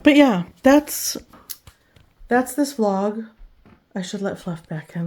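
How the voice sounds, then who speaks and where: A woman chatting casually in a home vlog, relaxed and talkative, sometimes cooing to her dog. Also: medium pitch, measured pace, husky. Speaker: vlogger. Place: home, indoors.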